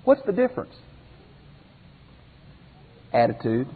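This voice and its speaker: A man teaches a Bible commentary lesson in a folksy, homespun way, asking rhetorical questions as he goes. His voice sits a little high and sounds husky. The recording is thin and phone-like, with a long hall echo. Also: very animated, normal speed, long pauses. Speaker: pastor teacher.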